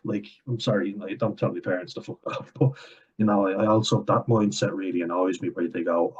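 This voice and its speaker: Irish man ranting bluntly, low husky voice. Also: flat delivery, fast talker, lo-fi sound. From Ireland. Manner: blunt, heavy swearing, heated. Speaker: commentator. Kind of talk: ranting vlog commentary. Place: at home, indoors.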